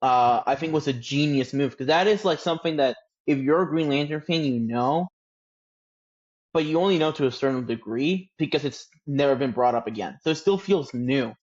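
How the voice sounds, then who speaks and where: A man's voice: mid-range voice, normal speed, dull audio. A man co-hosting a comics podcast in casual chat, thoughtfully explaining his opinions at length. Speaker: podcast co-host.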